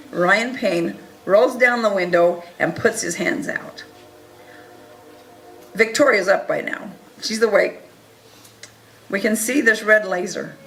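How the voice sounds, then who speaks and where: A woman telling an audience a first-person story in an earnest, animated way, acting out the dialogue. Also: medium pitch, a little hiss or hum, low-quality recording. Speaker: speaker recounting events to an audience.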